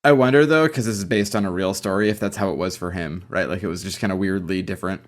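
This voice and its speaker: A man's voice: deep voice, fast talker. A man co-hosting a podcast, chiming in with thoughtful opinions. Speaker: podcast co-host. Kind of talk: casual chat.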